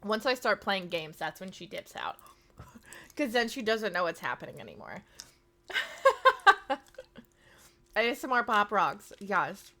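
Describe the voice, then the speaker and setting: A woman's voice: medium pitch, animated, normal speed, pushed and bright. A woman in her thirties chatting casually to her live-stream audience, rambling with plenty of fillers. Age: 30s.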